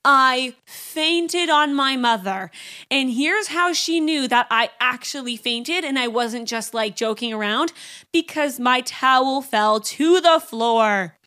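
A woman's voice: sits high, animated, slow pace, pushed and bright, smooth. Chatty young woman telling a frank story. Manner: candid and chatty, heavy use of "like"; blunt, frank about awkward topics. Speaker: podcast host. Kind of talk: casual storytelling monologue.

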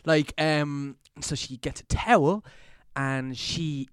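Rambling Irish man, smooth voice. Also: fairly high pitch, slow pace, a bit bright, no echo, clean studio sound. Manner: rambling anecdote teller, many fillers, laughs often. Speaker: podcast co-host. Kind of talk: casual chat.

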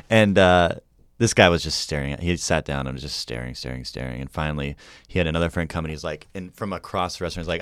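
A man comedian in casual chat, telling stories and jumping higher when quoting people. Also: animated, a little fast, dry recording, studio quality. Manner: storytelling, jumps high when quoting others.

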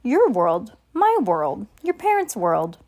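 A woman voicing a gruff, hulking giant man who is blunt and hot-tempered, speaking in booming, rough speech. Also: huge pitch swings, slow pace, darkish tone, exaggerated voice.

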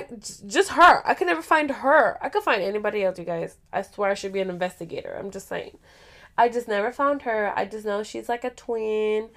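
A young adult woman vlogger casually telling a story to her viewers, animated and profane, acting out what people said. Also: medium pitch. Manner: animated and profane, acts out quotes.

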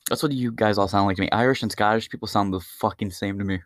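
A man's voice: lowish voice, quick pace, few pauses, fairly bright tone, dry recording, clean studio sound. A man hosting his own podcast, delivering a crude, profane, rambling stand-up style rant. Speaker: podcast host.

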